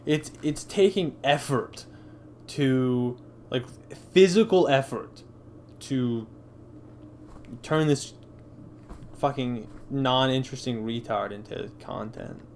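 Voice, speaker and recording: A man's voice: mid-range voice, takes it slowly, long pauses, darkish tone, slight background noise. A man hosting a live reaction stream who rants in a heated, profane way. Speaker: live-stream commentary host.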